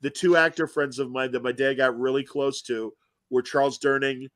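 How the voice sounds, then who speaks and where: A man's voice: mid-range voice, steady tone, moderate pace, fairly bright tone, dry recording. Middle-aged man, chatty, dry close mic. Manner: rambling with frequent fillers and restarts. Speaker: podcast co-host. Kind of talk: casual chat.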